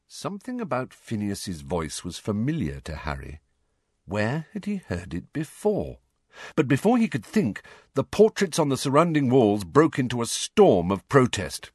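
A man's voice: mid-range voice, moderate pace, breathy edge, no room sound. A man narrating a fantasy novel as an audiobook reader. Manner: lively storytelling, dry close reading. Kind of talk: scripted narration.

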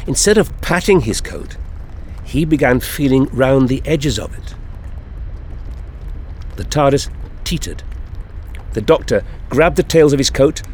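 A man narrating an adventure story in an expressive storytelling manner. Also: medium pitch, measured pace, long pauses, slight background noise. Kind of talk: audiobook fan-fiction reading.

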